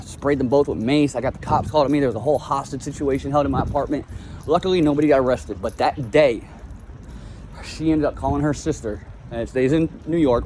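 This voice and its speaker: A man's voice: fairly high pitch, darkish tone, slight background noise. A young man from Florida telling his life story in a blunt, rambling, casual monologue, swearing freely.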